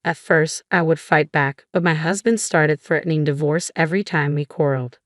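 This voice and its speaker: A woman narrating a first-person story in an even, measured manner. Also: sits low, no room sound, studio quality.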